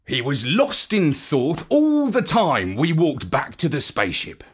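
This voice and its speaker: A woman reading a children's story aloud, her voice rising and falling with animated expression. She takes her time over each phrase, unhurried and gentle, with a soft, breathy tone. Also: deep voice.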